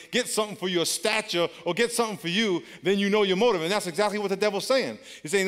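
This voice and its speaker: A man's voice: high-pitched, brisk, few pauses, a bit bright. A male pastor preaching an emphatic, repetitive sermon with call-and-response to his congregation. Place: large church auditorium. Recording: long church hall reverb.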